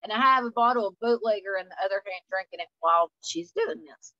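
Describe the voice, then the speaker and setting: A woman, a guest telling wild party stories in a loose, animated way. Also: mid-range voice, fast talker, no echo, lo-fi sound. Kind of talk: casual storytelling chat.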